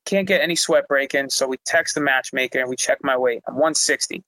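A young man telling a long story as a guest in casual chat, animated, full of "like" fillers and swearing. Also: medium pitch, fairly quick, dry recording, rough recording. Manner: animated, frequent "like" fillers, profane. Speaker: guest, fighter.

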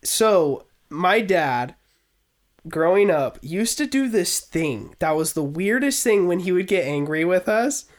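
A man co-hosting a podcast, telling a childhood story in casual chat, animated and profane, often breaking into laughter. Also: high voice, slow. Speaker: podcast co-host.

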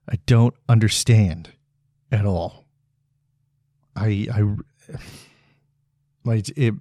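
On a clean studio recording with no room sound, a man in his thirties hosts his podcast alone. His medium-pitched voice has a dark tone, and he talks bluntly and in frustration, cursing freely and restarting his sentences.

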